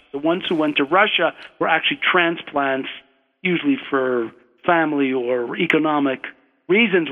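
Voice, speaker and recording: An older man with an American accent tells a digressive personal story at an unhurried pace, often backing up to correct himself. His voice sits somewhat high. The sound is narrow and phone-like, with a long, echoing reverb. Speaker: storyteller, guest. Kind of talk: personal anecdote on radio. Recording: tinny phone-like radio line with long hall reverb.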